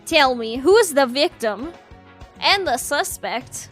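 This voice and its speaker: A woman voicing a theatrical young bird playing detective, dramatic and prone to shouting. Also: sits high, animated, slow pace, soft background music, exaggerated voice.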